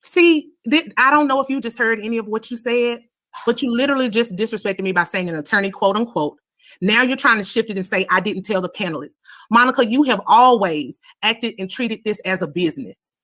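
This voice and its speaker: A woman's voice: on the high side, fairly quick, fairly bright tone. A woman panelist in a heated live-stream argument, firm and insistent, defending herself point by point.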